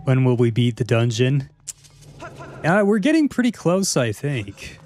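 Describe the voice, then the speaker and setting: A man's voice: medium pitch, big pitch swings, measured pace, darkish tone, soft background music. A man streaming a video game, chatting casually and answering viewers' questions with easy chuckles. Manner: laid-back, chuckling, rambling restarts. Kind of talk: casual gameplay commentary, answering chat.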